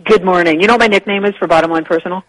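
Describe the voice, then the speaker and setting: A woman guest on a radio talk show, explaining ideas in a lively, chatty way and laughing easily. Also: fairly low pitch, rapid-fire, no room sound, rough recording. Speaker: guest, publishing executive. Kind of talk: casual radio interview.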